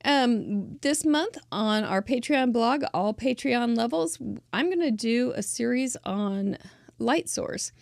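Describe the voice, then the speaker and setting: A woman hosts a craft show in a casual, gushing chat full of little laughs. Her voice sits a bit high and carries a gravelly fry. The sound is dry and close, with no room around it. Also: lively intonation, takes it slowly, no room sound. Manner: chatty and effusive, laughing often.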